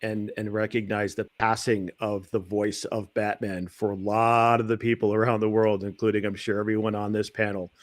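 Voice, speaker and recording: A man chatting casually as a panelist, talking haltingly with many restarts and soft laughs. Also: fairly low pitch, level tone, dry recording. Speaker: podcast panelist. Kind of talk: casual chat.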